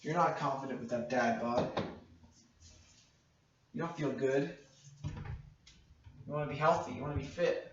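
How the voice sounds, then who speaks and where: Solo in a small home room, a young man records a podcast monologue on a camera mic, rambling crudely, filling gaps with fillers and making fun of himself. His medium-pitched voice is fairly even in intonation, measured, with long pauses. The camera audio is dull and lo-fi, with room echo and faint noise.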